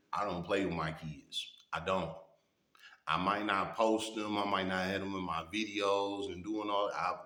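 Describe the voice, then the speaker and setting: A man in his thirties talks straight to his viewers with a low, deep voice. He is blunt and swears often, and he keeps checking in with his listeners. The room gives his voice a strong echo. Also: a bit bright. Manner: blunt and profane, often asks "you know what I'm saying". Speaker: vlogger reacting and telling stories. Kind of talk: casual storytelling monologue. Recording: echoey room.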